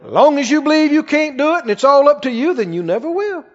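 A man's voice: very high voice, expressive, quick pace. A male pastor preaching a sermon, emphatic, repeating phrases and quoting scripture. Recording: echoing hall, dull lo-fi sound.

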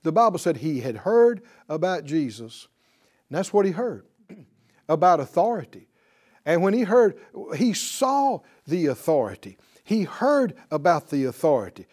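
A man delivers a Bible lesson in a preaching style, his high voice swinging widely in pitch as he stresses key words. He keeps turning to his listeners for a response. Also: sing-song, measured pace, darkish tone. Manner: calls out to the audience for responses; emphatic, rising on key words. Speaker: Bible teacher.

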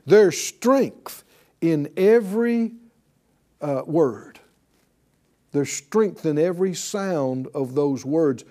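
Man, pastor, sermon, mellow, unhurried delivery. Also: on the high side, lively intonation. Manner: preacherly, conversational, calls for class responses. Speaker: pastor teaching a class.

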